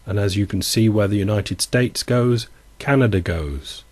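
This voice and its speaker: A man's voice: fairly low pitch, normal speed, no echo. A man giving casual, wry commentary on economic charts, with sardonic asides.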